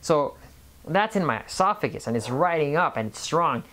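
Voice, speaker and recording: A casual vlog voice of middling pitch, rambling along and tripping over its own restarts. The speaker repeats words and jumps between thoughts, in a loose, unscripted monologue about everyday experience. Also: expressive, normal speed, a bit bright. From Mexican family background. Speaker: health vlogger.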